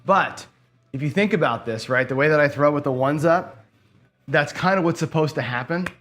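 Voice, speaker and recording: A man's voice: on the high side, normal speed, fairly bright tone. A man hosting a gambling channel, giving casual play-by-play commentary in a rambling, profane way, as if talking to himself. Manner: rambling, profane, talks to himself while playing.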